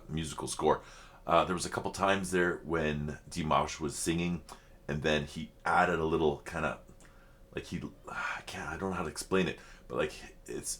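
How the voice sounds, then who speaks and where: A middle-aged man with an extremely low, deep voice chats casually and reflectively to his viewers. He speaks in a halting, heartfelt way, pausing and restarting often. He is openly emotional as he shares his thoughts. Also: a bit bright. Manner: halting, many fillers and restarts. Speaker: reaction video host.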